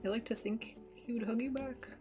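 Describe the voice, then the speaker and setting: A young adult woman streams from home in front of a green screen, chatting casually with viewers, teasing, giggling and swearing offhandedly. Over music, her slightly high voice moves briskly with fairly even intonation.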